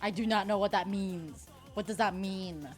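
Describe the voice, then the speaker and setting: A woman's voice: medium pitch, fairly even intonation, moderate pace, darkish tone, faint music behind. A young woman streamer chatting casually while playing online poker, rambling, swearing freely and laughing often.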